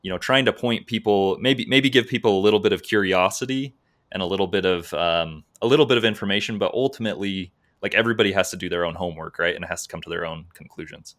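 A man's voice: sits low, fast talker, fairly bright tone. A man hosting a podcast interview, friendly and rambling, often trailing off. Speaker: podcast host. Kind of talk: casual interview conversation.

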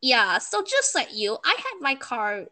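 A young woman tells a story in casual chat, her bright with laughter and sarcastic asides. Her voice sits fairly high and leaps widely in pitch as she talks. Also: wildly swooping pitch, measured pace.

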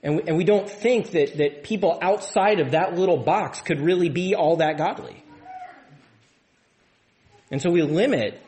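A man's voice: sits high, normal speed, long pauses, a little mellow, a little hiss or hum. A man preaching a sermon as pastor of a church, in a conversational way, often repeating and restarting words.

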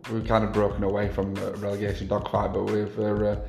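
A man co-hosting a casual football podcast, easygoing and halting, with frequent fillers. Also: fairly low pitch, monotone, creaky, a little mellow, echoey room, faint music behind. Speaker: podcast co-host.

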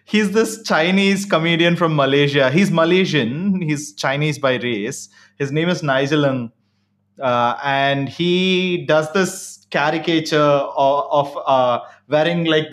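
A man with a fairly high speaking voice, chatting casually on a podcast. He tells stories in an animated way and breaks into laughter often. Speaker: podcast co-host. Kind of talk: casual chat.

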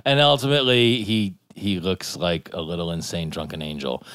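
A man's voice: low-pitched, moderate pace, a bit bright, clear, resonant tone, dry recording, studio quality. A man hosting a casual podcast chat, wry, steering the talk and asking the others questions. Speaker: podcast host.

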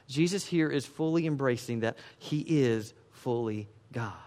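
A man, a pastor, preaching a sermon with animated swings between loud emphatic peaks and quiet asides, acting out the voices of people he quotes. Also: medium pitch. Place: church sanctuary. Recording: long reverb of a church hall.

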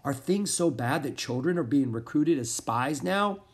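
A man's voice: a little high, animated, measured pace. A man voicing a kind, motherly French farm woman in a storybook reading. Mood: gentle.

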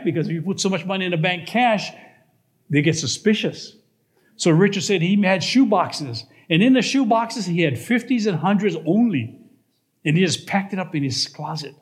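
High-voiced man preaching a story. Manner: tells a cautionary story, often asking the congregation rhetorical questions. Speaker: pastor. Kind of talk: sermon with storytelling. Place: church.

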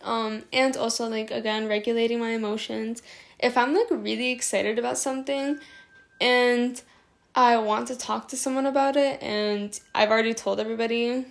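A young woman hosts her own podcast in a loose, chatty way, her fairly high voice catching in a gravelly fry at phrase ends. She rambles warmly to her listeners, leaning on filler words as she goes. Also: steady tone, moderate pace. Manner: affectionate toward listeners. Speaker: podcast host. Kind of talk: casual podcast talk on self-soothing.

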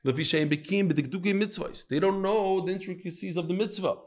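Male Talmud teacher, slightly high voice, animated storyteller in front of a live class. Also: fairly quick. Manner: animated, storytelling, quizzes the listeners.

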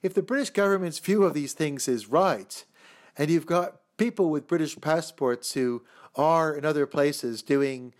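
A man answering interview questions in a lively, thinking-aloud way, with lots of fillers and restarts, sometimes putting on other voices to quote them. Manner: animated, mock-quoting other voices with pitch jumps. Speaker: interview guest.

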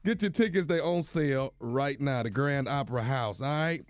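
A man's voice: mid-range voice, lively intonation, moderate pace, dry recording, faint music behind. A man who is a regular on a radio morning show, bantering in a boastful, joking way.

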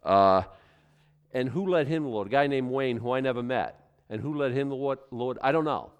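A man preaching a conversational sermon to a congregation, with animated asides and frequent restarts. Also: medium pitch, a little fast, clean tone. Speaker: pastor. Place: church room with a congregation.

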